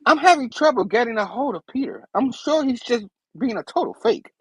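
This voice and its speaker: A man doing a perky high college girl. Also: animated, a little fast, fairly bright tone, breathy edge, no echo, exaggerated voice, low-quality recording. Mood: pleading. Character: perky young woman college student.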